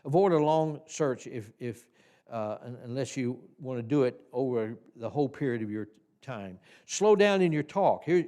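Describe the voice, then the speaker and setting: A man teaching a Sunday class in a church, folksy and halting, with frequent restarts and fillers. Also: medium pitch, dark tone, clean tone. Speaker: Sunday school teacher trainer. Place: church hall.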